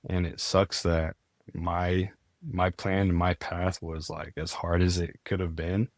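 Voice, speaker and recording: Young man guest, very low voice, dry close sound, earnest casual storyteller who leans on filler words. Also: level tone, a little slow, no room sound. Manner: earnest, many "like" fillers and restarts. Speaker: podcast guest.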